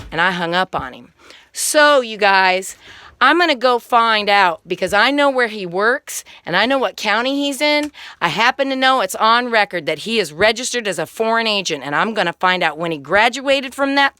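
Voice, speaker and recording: A woman speaks straight to her viewers in a heated, profane monologue. Her voice is bright and a little tense, with a mid-range pitch. The sound is dry and close. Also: no room sound. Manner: heated, swearing, quick angry storytelling. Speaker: vlogger telling her own story. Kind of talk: casual spoken monologue.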